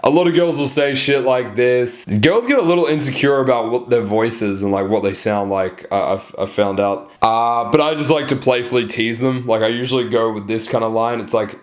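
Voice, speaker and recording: A man's voice: medium pitch, moderate pace, few pauses. Blunt, swearing male dating coach. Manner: blunt, profane, peppers lines with "right?". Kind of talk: casual coaching talk to camera.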